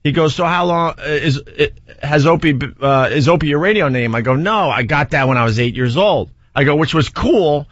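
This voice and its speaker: Guy in his 40s on the radio, kinda higher voice, self-mocking storyteller, dry dull studio sound. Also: brisk, no echo. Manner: animated, self-mocking anecdote telling. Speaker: radio show host. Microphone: studio microphone. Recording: slightly dull, dry radio broadcast audio.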